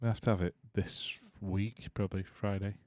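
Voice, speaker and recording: A man co-hosting a podcast, chatting casually with quick jokey asides and some swearing. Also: low-pitched, fairly even intonation, a little mellow, no echo. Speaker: podcast co-host. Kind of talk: casual banter.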